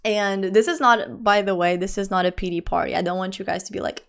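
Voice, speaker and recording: Chatty young woman streamer, smooth voice. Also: medium pitch, fairly even intonation. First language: not English. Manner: chatty, rambling, quick to laugh; talks straight to her chat. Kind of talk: casual livestream chat.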